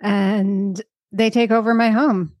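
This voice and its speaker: A woman's voice: mid-range voice, fairly even intonation, slow, a little mellow, no echo. Woman co-host in dry, close podcast chat. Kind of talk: casual chat.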